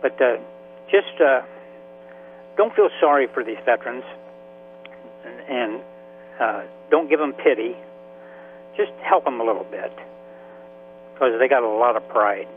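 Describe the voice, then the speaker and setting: A man in his seventies, a veteran and author, telling his story in a halting, emotional way with many restarts. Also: mid-range voice, expressive. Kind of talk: radio interview by phone. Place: Florida. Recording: tinny phone line with faint hiss.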